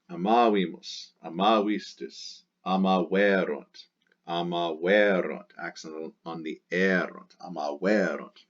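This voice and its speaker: A man teaching a grammar lesson, explaining step by step and drilling endings aloud in rhythmic lists. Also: low-pitched. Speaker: Latin teacher. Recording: dull lo-fi recording.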